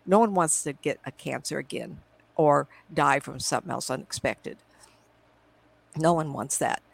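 A woman's voice: deep voice, normal speed, vocal fry, husky, no room sound, low-quality recording. A middle-aged woman, a psychic medium, chatting through a video call in a rambling way and quoting her own past conversations. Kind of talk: casual storytelling in a live video interview. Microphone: computer video call.

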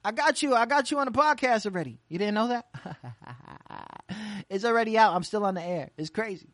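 An internet radio host rattling off quick, slangy shout-outs in casual, hyped chatter. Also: mid-range voice, lively intonation, no room sound, studio quality. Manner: rapid repeated shout-outs, loose slangy banter.

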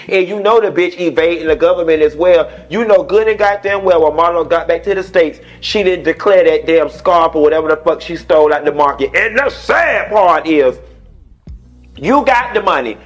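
A man hosting a casual recap, ranting bluntly and swearing freely. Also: a little high. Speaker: show recap host. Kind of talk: casual chat.

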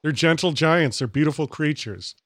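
Deadpan teasing man, dry sound. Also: on the high side, normal speed, no echo. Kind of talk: casual podcast chat.

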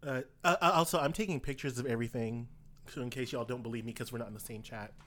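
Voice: medium pitch, fairly even intonation, fast, fairly bright tone. A player in a tabletop game, describing a performance and laughing at themselves. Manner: giggly, self-mocking.

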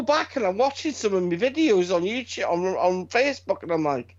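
A middle-aged man, chatting casually as a podcast co-host and telling stories in an animated, sweary way. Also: high-pitched, brisk, few pauses. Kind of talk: casual chat. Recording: dull lo-fi sound.

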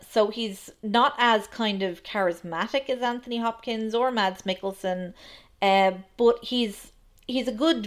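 Chatty woman co-hosting a film podcast. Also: a little high. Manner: chatty and analytical, many ums. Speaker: podcast co-host. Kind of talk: casual film discussion.

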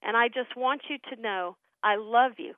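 A middle-aged woman tells family stories as a guest on a radio interview, earnest and animated, her voice sitting a little high. She comes through a tinny phone line with a dry, close sound. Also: moderate pace, dry recording. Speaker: guest, ministry founder.

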